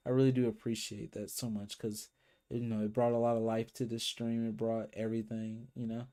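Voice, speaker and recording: A man's voice: on the low side, monotone, fairly quick, warm tone. A man chatting casually on a livestream, rambling with many fillers and restarts. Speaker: K-pop reaction streamer.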